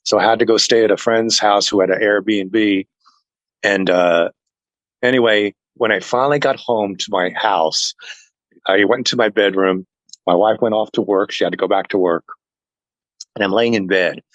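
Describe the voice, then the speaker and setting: A man telling a personal story to an interviewer in a casual chat, earnest and animated, acting out what others said. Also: fairly low pitch, normal speed, no echo, dull audio. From family heritage is Norwegian. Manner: earnest, animated retelling that acts out other people's lines. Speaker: interview guest.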